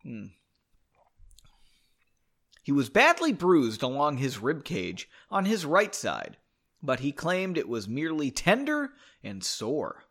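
Podcast guy reading a story out loud, goofy asides, voice bouncing all over. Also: fairly high pitch, slow, long pauses. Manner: animated, self-mocking, chatty asides. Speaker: podcast host.

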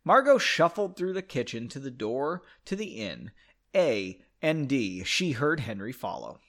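A man's voice: mid-range voice, sing-song, unhurried, fairly bright tone. A man reading his own story aloud, breaking off for joking asides and self-corrections. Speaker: reader of his own book.

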